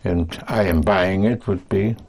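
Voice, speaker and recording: A man teaching a language lesson, speaking patiently and deliberately in short phrases. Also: low voice, vocal fry, darkish tone.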